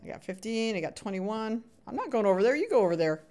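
Chatting with her viewers during a video game livestream, this woman laughs a lot and addresses them as sweetheart and buddy while commenting on play. Her voice is fairly high, mellow and sing-song, and she talks fast.

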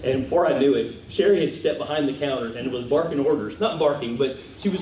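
Halting man telling a class story. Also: mid-range voice, darkish tone. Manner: halting, repeats words, chuckles. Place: church classroom. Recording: echoey room, distant mic, audible background hiss.

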